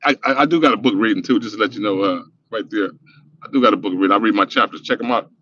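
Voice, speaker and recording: Talking very fast in a lowish, fairly bright voice, this middle-aged Angeleno shares a casual, foul-mouthed street story that wanders as he goes. The livestream audio is muffled and lo-fi, with faint noise.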